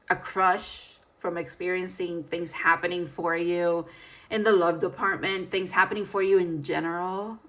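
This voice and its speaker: A woman's voice: fairly low pitch, fairly bright tone. A woman giving a casual tarot reading, chatty and emphatic, laughing and sighing as she talks. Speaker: tarot reader.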